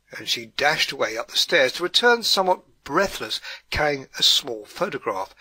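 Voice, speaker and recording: A man reading an audiobook with wry, measured storytelling. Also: on the high side, very animated, pushed and bright, husky, dry recording. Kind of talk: audiobook narration.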